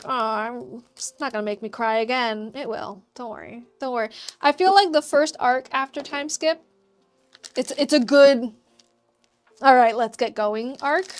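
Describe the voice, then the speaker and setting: A woman's voice: sits high, fairly bright tone. A woman hosting a craft livestream, chatting upbeat with her viewers and laughing often while she works. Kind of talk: casual chat with live chat while crafting.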